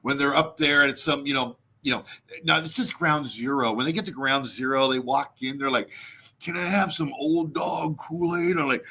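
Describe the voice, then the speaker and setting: Profane, bright-voiced ranting man. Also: medium pitch, fairly even intonation, fairly quick, slightly rough. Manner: profane, mocking, laughing often. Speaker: show host. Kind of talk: mocking comic rant.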